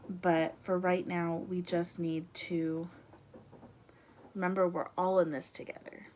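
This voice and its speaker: Young woman rambling in her room, kinda low voice, bit out of breath, laughs a lot. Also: flat delivery, takes it slowly, a little mellow, a little hiss or hum. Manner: rambling, chatty, laughs often. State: a little out of breath. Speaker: vlogger. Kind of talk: casual chat to camera.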